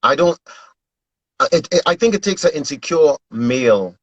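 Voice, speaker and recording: A man in an earnest, animated casual chat, often repeating himself. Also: on the high side, normal speed, dry recording, highs cut off.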